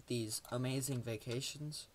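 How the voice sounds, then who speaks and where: A woman's voice: a bass voice, fairly even intonation, unhurried, background noise. A woman giving casual, rambling let's-play commentary, joking at her own expense as she plays. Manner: rambling, self-mocking and jokey. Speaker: gaming video host.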